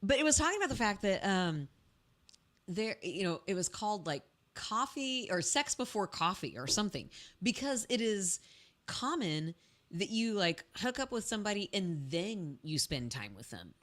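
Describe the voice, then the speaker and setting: A woman talking as a podcast guest in a casual chat, animated and chatty, often restarting her sentences. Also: mid-range voice, moderate pace.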